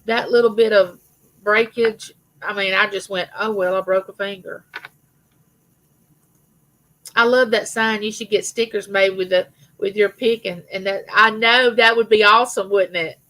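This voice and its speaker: A woman's voice: mid-range voice, fairly even intonation, normal speed, bright, forceful tone, rough recording. A middle-aged woman hosting a casual live chat with her viewers, telling rambling personal stories. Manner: chatty, rambling storyteller, greets viewers by name. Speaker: livestream host.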